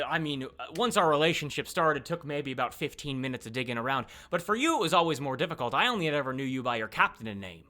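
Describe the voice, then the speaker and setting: A man's voice: a little high, bright, forceful tone. A man voicing a shrewd woman moneylender who mocks and bargains, in a tabletop game.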